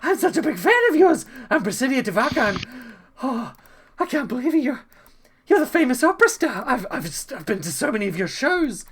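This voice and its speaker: A woman's voice: sits high, big pitch swings, fairly quick, slightly rough, voice pushed up, heavily acted. A woman voicing a gushing, starstruck female dragonborn bard who squeals and talks in a breathless rush. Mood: gushing excited.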